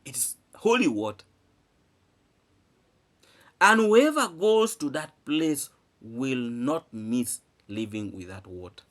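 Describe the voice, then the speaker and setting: A man's voice: medium pitch, big pitch swings, takes it slowly, pauses often. A man giving emphatic vlog commentary, repeating phrases and asking rhetorical questions. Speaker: vlogger. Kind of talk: animated commentary to camera.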